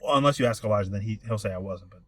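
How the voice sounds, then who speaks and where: A man's voice: lowish voice, very fast, fairly bright tone, dry recording. A young man co-hosting a casual podcast, rambling and profane, often cutting himself off mid-sentence. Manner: rambling, profane, self-interrupting storyteller. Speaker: podcast co-host. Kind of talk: casual chat.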